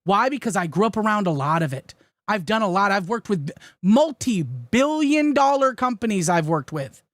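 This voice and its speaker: A man's voice: sits high, big pitch swings, moderate pace, dry recording, studio quality. A man from Florida arguing heatedly and defensively in a podcast talk, swearing often and with emphasis.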